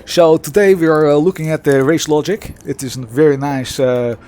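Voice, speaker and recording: A man's voice: a little high, fairly even intonation, moderate pace, darkish tone, lightly acted. A man putting on a Dutch accent to play a sarcastic mock presenter of a gadget, with a smug salesman tone and many hesitations. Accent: put-on Dutch. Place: home sim-racing setup.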